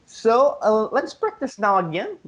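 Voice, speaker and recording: A Spanish tutor gives an online language lesson over a video call whose audio sounds slightly dull. His voice is high-pitched, sing-song and fairly bright, and he patiently explains things slowly using examples.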